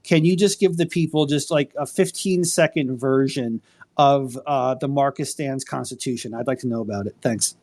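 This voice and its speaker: A man hosts a casual live chat. He's an attorney who rambles, curses freely and uses lots of fillers. His mid-range voice is a little mellow and moves at a moderate pace.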